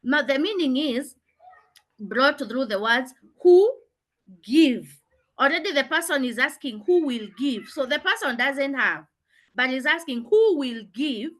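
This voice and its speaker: A woman's voice: sits high, animated, unhurried, a bit bright. Woman teaching, patient and repetitive. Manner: patient, repeats key points to stress them. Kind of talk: online revision lesson.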